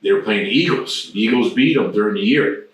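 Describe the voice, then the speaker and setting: A man in his sixties, interviewed as a guest, talks fairly quickly in a voice on the low side while telling rambling, profane anecdotes. It's casual storytelling, picked up by a distant mic in a very echoey space.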